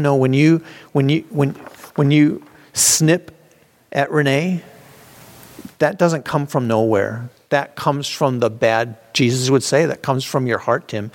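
A man leading an informal Bible study, talking conversationally with restarts and acting out the voices people use to excuse themselves. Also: mid-range voice. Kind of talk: informal teaching.

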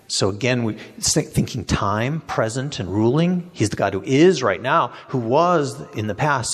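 A pastor with a husky, fairly low voice runs an interactive Bible study, questioning the group and repeating their responses aloud. The sound carries a long reverb, as in a hall.

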